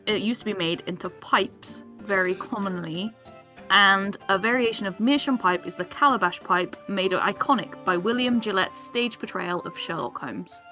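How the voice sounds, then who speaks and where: A woman's voice: mid-range voice, moderate pace, bright, forceful tone, soft background music. A woman chatting on a group game stream, sharing trivia and laughing often. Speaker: streamer co-host. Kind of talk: casual let's-play chat.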